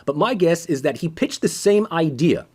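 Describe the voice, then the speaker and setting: A man's voice: a little high, animated, moderate pace, darkish tone, slightly rough. A man giving a casual, conversational political science lecture with sarcastic asides.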